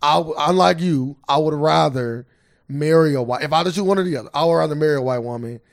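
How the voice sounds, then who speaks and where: A man's voice: on the high side, quick pace, vocal fry. A young man co-hosting a podcast, talking casually in slang and laughing often. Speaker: podcast co-host. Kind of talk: casual chat.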